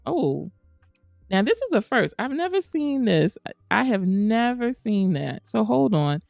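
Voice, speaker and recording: A woman's voice: a little high, sing-song, unhurried, creaky, a little mellow, no room sound, clean studio sound, soft background music. A woman hosting a gaming channel, chatting casually through gameplay and saying things like "y'all" and "girl".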